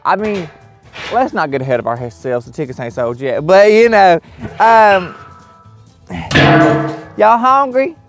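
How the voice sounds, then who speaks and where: A man's voice: sits high, animated, measured pace, long pauses, soft background music. Sassy man chatting to farm animals. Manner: sassy, profane, theatrical asides to animals. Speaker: comedian doing farm chores. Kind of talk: casual vlog talking to farm animals. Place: outdoors on a farm.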